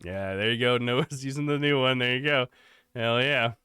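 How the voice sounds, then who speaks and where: A man's voice: medium pitch, normal speed, clean tone, no echo, clean studio sound. Congested young man streamer, nasal. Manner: relaxed, rambling, thankful. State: congested and coughing. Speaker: live streamer. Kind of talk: casual chat with chat.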